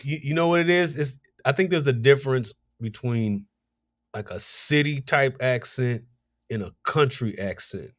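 A man's voice: mid-range voice, moderate pace, no room sound, studio quality. A man guest in a casual talk-show chat, laughing easily and restarting his sentences.

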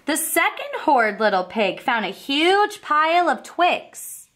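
A woman teacher reading a picture book aloud to young children, expressive and asking them questions. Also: sits high, unhurried.

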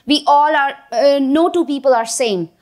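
A woman on a conference panel, speaking in a halting, encouraging way with uneven phrasing. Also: high-pitched, a little mellow. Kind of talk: panel discussion.

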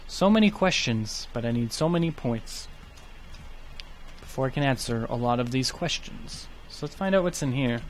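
A man's voice: medium pitch, normal speed, slight background noise. Chatty man narrating his gameplay. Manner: chatty, thinking aloud. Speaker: gaming YouTuber. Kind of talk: let's play commentary.

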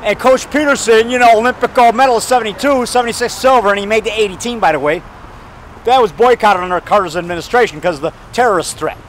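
A man in his fifties rambling excitedly while walking down a town street, talking to camera and calling the viewer brother and man. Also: sits high, quick pace, slight background noise. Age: 50s. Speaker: filmmaker vlogging. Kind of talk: rambling outdoor vlog.

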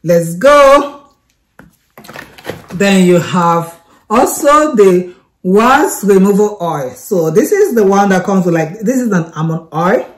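Excitable woman reviewing a product. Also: mid-range voice, slow pace. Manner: chatty, repeats herself, excitable.

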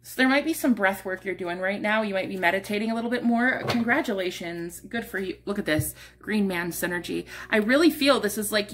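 A woman's voice: mid-range voice, a bit bright. A young woman giving a casual tarot card reading, chatty and rambling, a little out of breath. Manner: chatty, rambling, restarts words, swears casually. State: a bit out of breath. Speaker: tarot reader.

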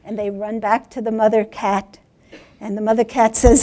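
A woman giving a workshop talk to teachers, animated and acting out stories. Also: mid-range voice, normal speed. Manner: animated, acts out voices. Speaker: guest speaker for teachers.

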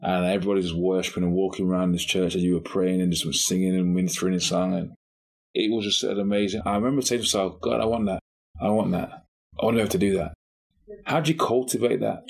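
A man's voice: deep voice, fairly even intonation, fast talker, creaky, breathy edge. A man hosting a podcast, asking questions with enthusiasm and murmuring agreement. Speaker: podcast host. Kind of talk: interview conversation.

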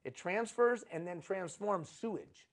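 A man's voice: sits high, expressive, a little slow. A middle-aged man giving a live conference lecture on leadership, preachy and repetitive, with lots of rhetorical questions. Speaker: leadership trainer. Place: conference room.

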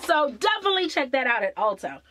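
A woman's voice: high voice, very animated, fast, noisy background. A woman chatting enthusiastically to her viewers in a casual beauty haul vlog. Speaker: beauty vlogger.

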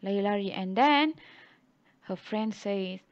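A young Malaysian woman teaching English to young children. She walks through a storybook slowly and repeats each line in a second language. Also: mid-range voice. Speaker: primary school English teacher. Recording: dull lo-fi recording.

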